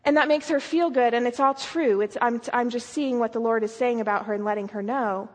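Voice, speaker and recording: A woman's voice: on the high side, brisk. A woman giving an earnest sermon, telling a story and asking emphatic questions. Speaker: speaker. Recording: long hall reverb.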